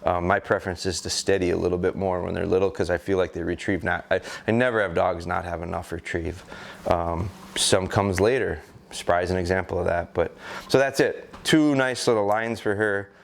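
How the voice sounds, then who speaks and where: A middle-aged American man, a gun dog trainer, calmly explaining a training session and hesitating with fillers as he goes. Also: low voice, moderate pace, vocal fry. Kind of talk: instructional talk during a training session.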